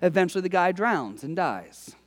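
A man with a notably high voice delivers a sermon, keeping it conversational and story-driven. He presses his points with emphatic repetition. His words trail off in the long reverb of a big hall. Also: big pitch swings, normal speed. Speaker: pastor.

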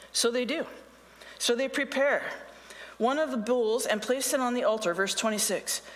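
A woman's voice: mid-range voice, big-room sound. A woman pastor preaching a conversational sermon, reading scripture and adding sarcastic asides.

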